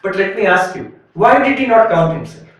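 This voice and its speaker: A man giving an animated spiritual lecture, telling a story and acting out its voices. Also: sits high, moderate pace. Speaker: monk giving a retreat talk. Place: retreat hall. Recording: echoey room, from a distance.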